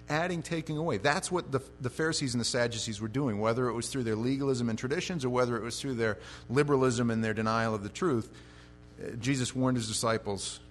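Preaching an expository sermon, this pastor swings widely in loudness and pitch as he shifts from conversational asides to emphatic lines. He sounds animated and a little fast, with slight background noise.

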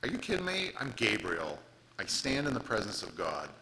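A preacher doing an indignant archangel. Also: male voice, medium pitch, wildly swooping pitch, normal speed, creaky, bright, forceful tone, heavily acted, rough recording. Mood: incensed. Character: indignant male archangel, stern and commanding.

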